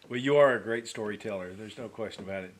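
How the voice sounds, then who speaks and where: A man's voice: lowish voice, fast talker. A man interviewing, giving brief affirming remarks as he wraps up.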